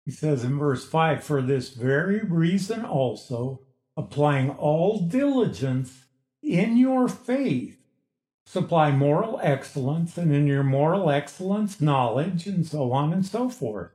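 A man preaching a Bible-teaching sermon, slow and deliberate, stressing key words emphatically. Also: fairly high pitch, sing-song, a little mellow, reverberant. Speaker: pastor. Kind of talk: expository sermon.

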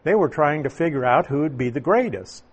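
A man preaching a sermon, teaching through a Bible passage in a slow, deliberate way with emphatic stresses. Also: on the high side, lively intonation, husky. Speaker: pastor.

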